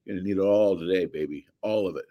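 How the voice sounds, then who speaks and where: A man appearing as a football analyst guest, chatting casually in an animated, joking, hype-building manner. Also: low-pitched, fast, lo-fi sound. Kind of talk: casual sports show chat.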